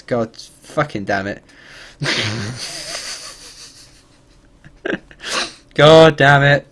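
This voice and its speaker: A man streaming a game speaks slowly with long pauses in a medium-pitched voice. His casual commentary is animated and meandering, peppered with swearing and chuckles.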